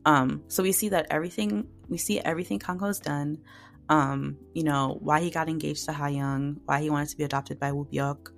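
A woman's voice: deep voice, steady tone, normal speed, creaky, soft background music. A woman hosting a podcast, casually and emotionally retelling drama episodes with lots of fillers. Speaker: podcast host reviewing dramas. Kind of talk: casual solo review.

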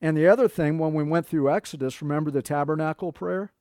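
A man's voice: fairly high pitch, quick pace, mellow, dry recording, studio quality. A middle-aged man preaching a sermon in a conversational way, quoting scripture and talking to his congregation. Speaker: pastor.

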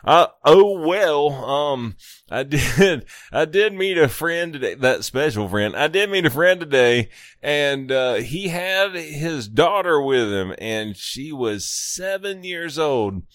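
A man's voice: fairly high pitch, animated, slow, fairly bright tone, dry recording, clean studio sound. Chuckling, rambling male radio host. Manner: rambling, chuckling, swearing casually. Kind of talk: casual radio chat.

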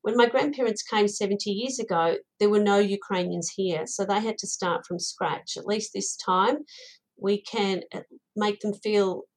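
A woman's voice: medium pitch, normal speed, rough recording. A woman who organises her Ukrainian diaspora community, answering interview questions in an impassioned, earnest way and often repeating words.

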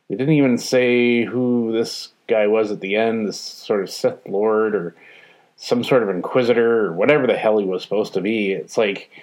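A man with a fairly low voice gives a casual spoken review. He talks hesitantly, with frequent ums and restarts. He is frank and sounds mildly exasperated. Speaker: show reviewer.

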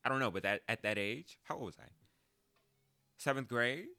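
A man in his twenties hosting a podcast, telling a story in a casual, profane, animated way and jumping into high mocking voices. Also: normal speed, no echo. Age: 20s. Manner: animated, profane, jumps into high mock voices when quoting. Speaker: podcast host. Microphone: close podcast mic.

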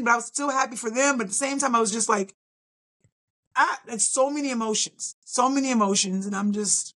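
A middle-aged woman, a bodybuilder guest on a podcast, telling her story in a casual, animated way and acting out her own reactions. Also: medium pitch.

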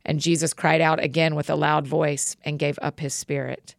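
A woman reads scripture aloud at a measured, steady pace. Her voice sits low and carries a gravelly rasp. The recording is dry and close, with no room sound. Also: dry recording. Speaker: Bible reader. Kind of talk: scripture reading.

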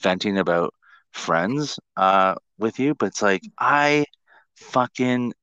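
A man's voice: on the low side, takes it slowly, clean tone, dry recording. A man in his forties rants and jokes through a casual podcast chat, cursing freely as his voice leaps up and down. The sound is dry and slightly dull, with no room around it. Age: 40s. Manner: animated, profane, ranting. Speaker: podcast host.

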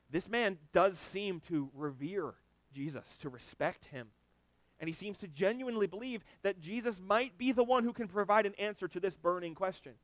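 Male preacher, fairly high voice, emphatic sermon delivery, dry close recording. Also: dry recording, poor audio. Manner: emphatic, swings between loud build-ups and quiet asides.

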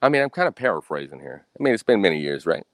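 Talking fast and very animated, a young American man tells a story as a casual, profane rant, bluntly asking "right?" again and again. His voice is on the low side yet leaps around in pitch, captured close and dry with no room sound at all.

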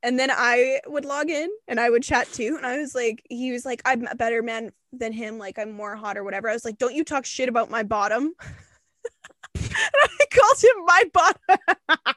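A young woman co-hosting a podcast, telling a story in a casual, animated way, laughing and swearing often. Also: on the high side, brisk, no echo. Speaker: podcast co-host.

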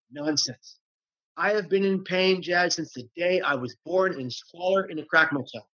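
An earnest man with a fairly high voice talks with emphatic conviction, often repeating his phrases for effect. The recording sounds dull and lo-fi. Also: normal speed, bright, forceful tone. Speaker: guest speaker on mental health. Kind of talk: passionate conversational storytelling. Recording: dull lo-fi audio.

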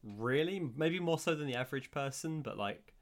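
A man co-hosting a relaxed film chat, with a mid-range pitch. He laughs easily and admits when he doesn't remember things. His delivery is easygoing and conversational. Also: normal speed. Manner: easygoing, laughs often, slightly unsure. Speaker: podcast co-host. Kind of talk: casual film commentary chat.

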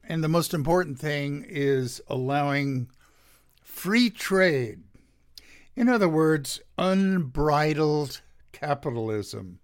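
A man hosting a show, reading political commentary from his notes in a slow, sardonic way with many pauses, his throat drying out. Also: a little high. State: dry throat. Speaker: podcast host.

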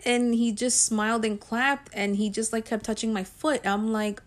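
A woman's voice: a little high, steady tone, normal speed, few pauses. Woman vlogger, chatty personal storyteller, loose and conversational with plenty of filler words. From Guyanese and Puerto Rican heritage. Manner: chatty, with frequent ums and likes.

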